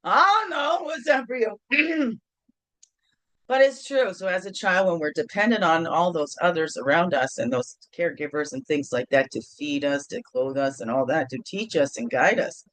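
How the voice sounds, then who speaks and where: A woman's voice: low-pitched, moderate pace, no room sound. A middle-aged woman hosting a casual morning video chat from home, playful and rambling, with sing-song bits. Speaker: host.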